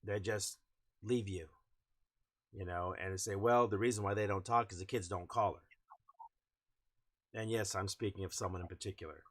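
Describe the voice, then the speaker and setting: A man's voice: on the low side, fairly even intonation, normal speed, pauses often, fairly bright tone. Wry podcast co-host man. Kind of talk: casual chat.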